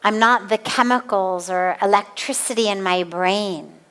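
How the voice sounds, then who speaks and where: A woman spiritual teacher giving a calm, deliberate spiritual discourse in an outdoor garden. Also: mid-range voice.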